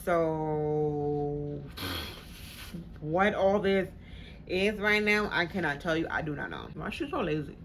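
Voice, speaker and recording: A woman's voice: deep voice, lively intonation, takes it slowly, long pauses, a bit bright, slight background noise. Candid swearing woman telling a story. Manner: candid, swears freely, slangy; acts out the people she quotes. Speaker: storytime vlogger. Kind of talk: casual storytelling.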